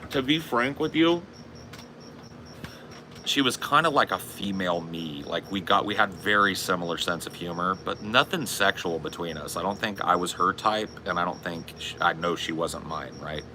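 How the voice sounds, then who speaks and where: Low-voiced yet bright, with a forceful tone and a moderate pace, this man in his forties streams and hosts a podcast. Over slight background noise, he rambles casually on a live stream and swears like a bro.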